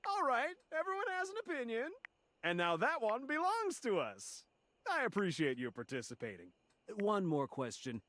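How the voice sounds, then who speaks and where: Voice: mid-range voice, huge pitch swings, moderate pace, fairly bright tone. An actor voicing an eager, folksy office helper in a video game, with hearty, salesy pep.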